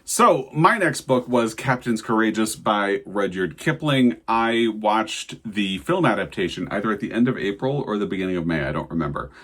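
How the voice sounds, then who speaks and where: A man's voice: fairly low pitch, expressive, moderate pace, hardly any pauses, a bit bright. A man co-hosting a casual book review chat, summarizing in detail and giving frank opinions. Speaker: book channel co-host.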